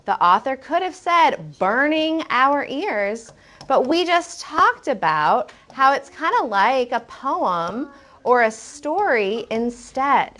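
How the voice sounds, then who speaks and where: A woman leads a first-grade classroom lesson in a lively, up-and-down voice, drawing out her words. She reads passages slowly with a steady rhythm and praises the children warmly. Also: sits high. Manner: animated, encouraging, reads lines slowly and rhythmically.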